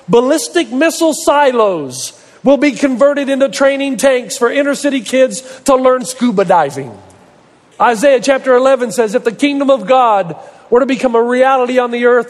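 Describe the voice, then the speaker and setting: Man, pastor, sermon, very high voice, emphatic repeated lists, long echoing reverb.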